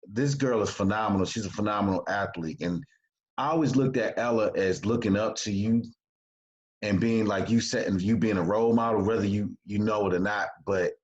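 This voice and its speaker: A man, a coach hosting an interview show, talking in a relaxed, rambling way with many fillers. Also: fairly low pitch. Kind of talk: casual interview chat. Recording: dull lo-fi sound.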